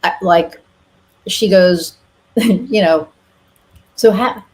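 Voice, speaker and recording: A woman hosting a podcast tells a personal story candidly, swearing casually and using plenty of fillers in a relaxed interview-style chat. Her voice is lowish, a little mellow, and she speaks very slowly.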